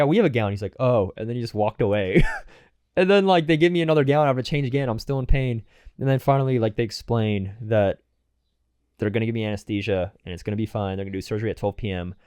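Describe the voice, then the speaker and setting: A man's voice: mid-range voice, darkish tone, clean tone, dry recording. A young man co-hosting a podcast, rambling through a casual anecdote full of fillers and acted-out quotes. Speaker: podcast co-host. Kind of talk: casual storytelling chat.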